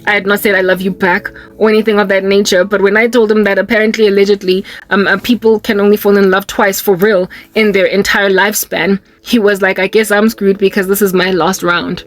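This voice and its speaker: A young South African woman telling a candid, rambling personal testimony with quick asides. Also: medium pitch, flat delivery. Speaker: Christian YouTuber.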